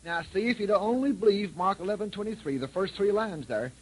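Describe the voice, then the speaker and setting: Husky folksy preacher man. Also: high-pitched, animated, a little fast, few pauses, low-quality recording. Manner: folksy storytelling, repetitive and emphatic. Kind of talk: sermon.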